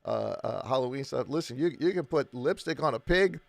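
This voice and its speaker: A man's voice: mid-range voice, fairly quick, vocal fry, no echo. Male co-host of a faith talk, emphatic and stop-start, recorded dry and close. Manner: emphatic, repeats words and restarts. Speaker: church podcast co-host. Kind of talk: casual faith discussion.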